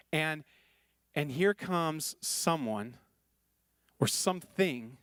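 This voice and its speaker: A male pastor delivers a sermon in an earnest, chatty manner and repeats his phrases for emphasis. His voice sits fairly high for a man. The recording is dry and close, with no room echo. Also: clean tone.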